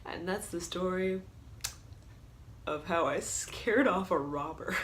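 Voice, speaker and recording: A woman's voice: fairly low pitch, slow pace, slight background noise. A young adult woman telling stories in a casual vlog, chatty and full of "like", often breaking into laughter. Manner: chatty, filler-heavy with frequent "like". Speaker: vlogger. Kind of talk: storytime vlog, casual storytelling.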